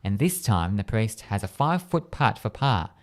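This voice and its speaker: Chatty Australian radio host. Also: male voice, fairly low pitch, very animated, normal speed. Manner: chatty, laughs at own jokes. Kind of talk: radio interview, telling a joke. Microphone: studio microphone.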